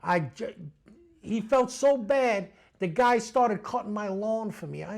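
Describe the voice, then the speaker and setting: A middle-aged retired detective with a thick New York accent, his voice rough and gravelly. He tells stories bluntly and profanely, lively and street-tough, as an interview guest. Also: high-pitched, unhurried. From the Bronx, New York. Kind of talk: storytelling interview talk.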